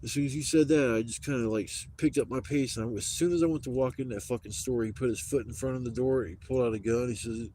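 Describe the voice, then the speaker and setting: A man's voice: medium pitch, fast, hardly any pauses, mellow, slight background noise. A man on a live stream telling a story in casual talk, rambling and swearing a lot.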